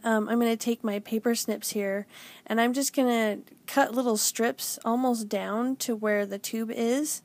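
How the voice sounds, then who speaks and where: A chatty woman in her forties talks through a paper craft project as the host of her stamping channel. Her voice sits a little high and sounds dry and close, with no room around it. She is self-deprecating and fills pauses with ums. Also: steady tone, darkish tone, no echo. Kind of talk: casual craft tutorial narration.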